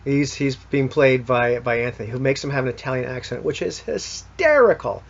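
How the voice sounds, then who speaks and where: Man, husky voice, casual rambling game recap, lots of fillers and restarts, dull lo-fi sound. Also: medium pitch, lively intonation, normal speed. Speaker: player recapping a tabletop game session. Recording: dull lo-fi recording.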